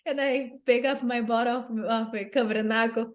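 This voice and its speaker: A woman's voice: a little high, steady tone. Earnest woman with non-native English grammar. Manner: earnest, halting, repeats and restarts phrases. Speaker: interview guest. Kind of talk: emotional personal storytelling.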